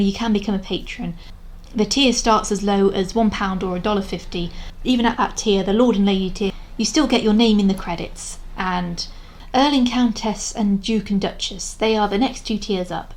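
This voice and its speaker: A young woman talks straight to camera in a loose, rambling vlog. Her voice sits at an ordinary middle pitch, and she speaks frankly, often restarting her sentences and sounding exasperated. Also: a little mellow. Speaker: video creator reviewing a historical drama. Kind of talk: casual vlog commentary.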